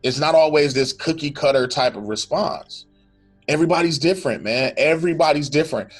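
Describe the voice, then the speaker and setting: Earnest, reflective man, slightly high voice. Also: a little fast, soft background music. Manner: earnest and reflective, quotes imagined speech, restarts often. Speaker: podcast co-host. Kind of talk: casual faith-based conversation.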